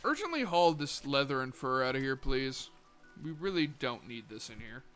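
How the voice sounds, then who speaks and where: A young man streaming a colony game live, muttering to himself, swearing and breaking into sudden excited outbursts. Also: medium pitch, moderate pace, faint music behind. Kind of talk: live gameplay commentary.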